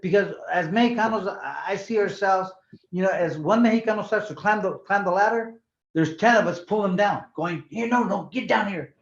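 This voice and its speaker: A man's voice: sits high, brisk. A man of sixty, a former boxing champion from California, telling stories in a rambling, talkative way, repeating words and slipping in Spanish slang. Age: 60s. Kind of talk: casual storytelling interview. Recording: echoey room, dull lo-fi sound.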